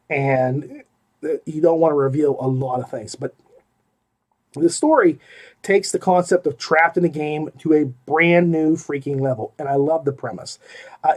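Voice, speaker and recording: A middle-aged man hosting an audiobook review podcast, rambling and emphatic, with many asides and repeated "okay?". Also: a little high. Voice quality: animated, emphatic, swings between loud exclamations and mumbled asides. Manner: rambling and self-interrupting, with repeated 'okay?' and 'like'. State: hiccuping. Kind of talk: casual spoken book review.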